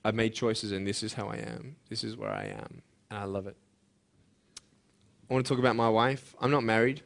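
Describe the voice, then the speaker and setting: A young adult man giving an earnest, emphatic motivational speech to students, moving between hushed and loud passages. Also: lowish voice, animated, normal speed, gravelly. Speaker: motivational speaker.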